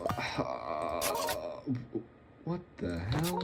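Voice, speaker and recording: A man's voice: mid-range voice, lively intonation, measured pace, soft background music. A young man giving casual, rambling and wry commentary while playing a computer game. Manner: rambling, wry and self-mocking. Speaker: gaming video host.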